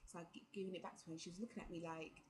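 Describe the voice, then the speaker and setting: A woman's voice: on the low side, steady tone, racing, very noisy. A young woman, telling a travel story casually to camera and filling it with "like" and quoted dialogue. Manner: chatty, full of "like" and quoted dialogue. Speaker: vlogger.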